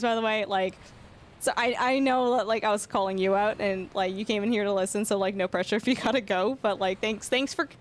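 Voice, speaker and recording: A young woman chatting casually on a live stream, telling an embarrassing story with lots of laughter and sudden high squeals. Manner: animated storytelling, frequent laughter, rising squeals. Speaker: livestreamer.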